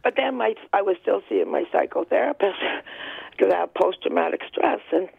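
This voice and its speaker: A tearful woman rambles and halts through a call to a radio show, her voice gravelly and thin. The line is a tinny phone connection. The sound is close and dry. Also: mid-range voice, expressive, no echo. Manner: rambling, halting, emotional. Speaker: caller.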